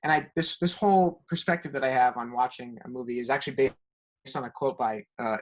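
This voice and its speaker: A man's voice: mid-range voice, brisk. A man co-hosting a casual film podcast, hesitant and self-conscious, with many ums. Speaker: podcast co-host.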